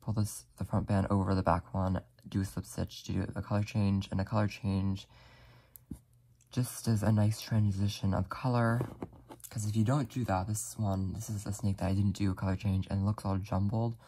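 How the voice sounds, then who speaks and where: A soft-spoken crafting tutorial host giving casual step-by-step instructions while working, often apologetic and leaning on "like" fillers. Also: deep voice, little pitch movement, moderate pace, slight background noise.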